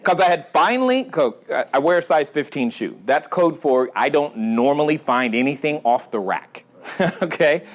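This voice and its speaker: Animated man quizzing a live audience. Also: a little high, moderate pace. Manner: animated storyteller, quizzes the audience, acts out dialogue. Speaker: podcast host speaking at a live seminar. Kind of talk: live seminar talk with audience interaction. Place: event room with a live audience.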